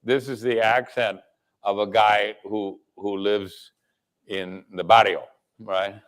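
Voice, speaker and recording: A man's voice: fairly low pitch, flat delivery, slow pace, a bit bright. A man presenting at a company kickoff, giving a sales training talk to an audience, repeating his words and checking in with "okay?".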